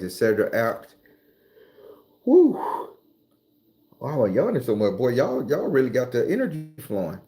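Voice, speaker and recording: A man hosting a casual livestream, talking loosely, cursing freely and answering viewer comments, sometimes breaking into loud, high ranting. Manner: swings into loud, high-pitched ranting at times. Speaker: livestream host.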